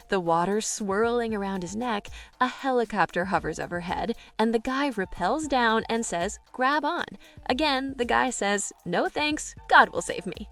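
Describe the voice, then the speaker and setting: A woman's voice: mid-range voice, a bit bright. A woman narrating jokes in a scripted, storytelling style, lifting her voice for quoted characters. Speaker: joke narrator.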